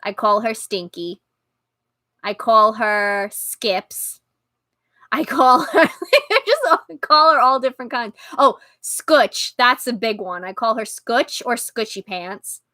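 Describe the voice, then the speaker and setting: A woman hosting a casual live-stream chat, talking loudly and laughing often. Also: a little high, very animated, takes it slowly, no echo. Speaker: podcast host.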